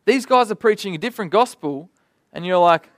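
A young man preaching a sermon in a lively, conversational way, with vivid asides and stories. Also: high-pitched, brisk, dry recording.

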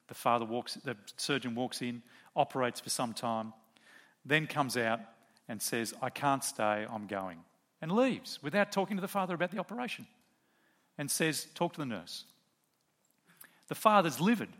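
A man's voice: medium pitch, expressive, normal speed, long pauses, a bit bright. A middle-aged man preaching a sermon, telling a story and asking rhetorical questions of the congregation.

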